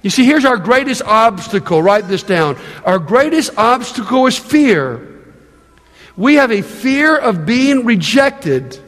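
A man's voice: extremely high pitch, sing-song, takes it slowly, a bit bright, big-room sound. A man preaching a sermon as pastor, conversational and emphatic, repeating himself for stress.

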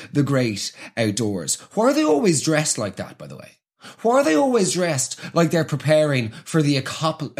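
Comic, male, mid-high voice, mocking and animated rant delivery. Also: slightly rough. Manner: exasperated, sweary, mocking. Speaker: comedian. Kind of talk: comedic rant.

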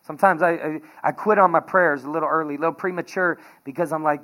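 A man preaching a sermon as pastor, energetic and conversational, telling everyday stories with laughter. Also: a little high, quick pace.

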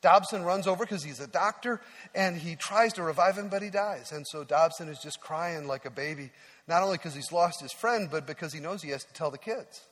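Male pastor, slightly high voice, earnest sermon storytelling, long church reverb. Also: brisk. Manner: earnest storytelling, drops to a hush for emotional moments.

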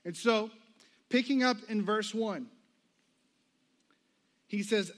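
A man's voice: high-pitched, expressive, slow pace, long pauses, a bit bright. A man preaching a sermon, telling a personal story and acting out the voices of the people in it. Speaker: pastor.

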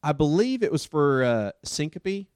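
Raised-pitch male paramedic, casual storyteller, dry close sound. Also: moderate pace, clear, resonant tone, no echo. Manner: animated, lots of fillers like dude and man. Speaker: paramedic and podcast host.

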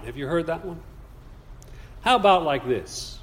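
A man preaching a sermon in a measured, deliberate way, putting rhetorical questions to his congregation. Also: on the high side, sing-song. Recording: long reverb of a large hall.

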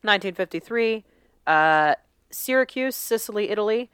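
Casting: woman podcast co-host, smooth and clear, dry close sound, reads a list with casual asides. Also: mid-range voice, animated, normal speed, fairly bright tone, no room sound.

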